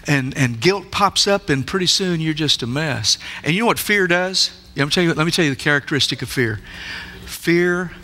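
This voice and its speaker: Male preacher, sermon delivery, emphatic questioner, sharp bright tone. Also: a little high. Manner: emphatic, asks the listeners many rhetorical questions. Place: church sanctuary.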